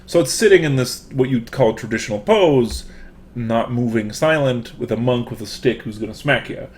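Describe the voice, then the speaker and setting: A man's voice: mid-range voice, moderate pace, slight background noise. A man, a professor, giving a casual online lecture through a computer microphone, full of fillers and restarts.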